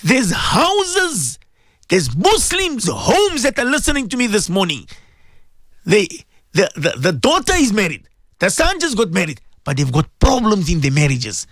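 A man's voice: high voice, wildly swooping pitch, normal speed, fairly bright tone, dry recording. A man, a cleric hosting a radio show, speaks with emotion and keeps repeating rhetorical questions to his listeners. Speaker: radio host and Muslim cleric. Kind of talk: impassioned radio talk.

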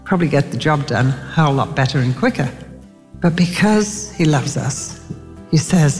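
Older lady preaching, lively storytelling, echoey hall, a bit of music under it. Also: sits low, normal speed. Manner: animated storytelling with acted quotes. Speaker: Christian speaker. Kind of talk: sermon. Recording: long hall reverb with faint music.

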